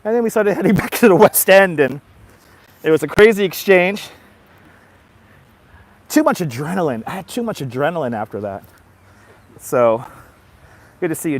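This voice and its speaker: Man walking and chatting to viewers. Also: on the high side. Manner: chatty storytelling, greets viewers by name. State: tired after a nap. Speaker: vlogger. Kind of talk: casual livestream chat. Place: outdoors on a boardwalk.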